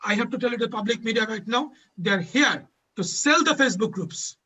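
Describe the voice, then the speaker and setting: High, bright-voiced impassioned man. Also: lively intonation, brisk, husky. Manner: emotional, repeats lines for emphasis. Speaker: host of a community panel. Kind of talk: impassioned advocacy speech. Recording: dull lo-fi audio.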